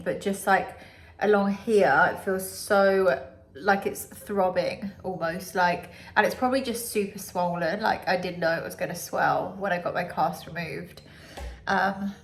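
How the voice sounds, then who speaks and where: A young woman from the UK, her nose blocked and congested, rambling casually in a home vlog with plenty of fillers. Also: fairly low pitch. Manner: chatty, rambling, with many fillers. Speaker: vlogger.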